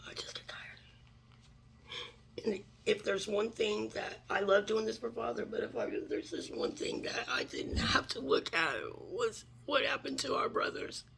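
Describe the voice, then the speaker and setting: A man with a high, heavily gravelly voice delivers an emotional religious message. He often drops into breathy whispers through tears, then hardens into intense condemnation. His tone stays bright and edgy throughout. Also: moderate pace, hardly any pauses, slight background noise. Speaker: religious speaker.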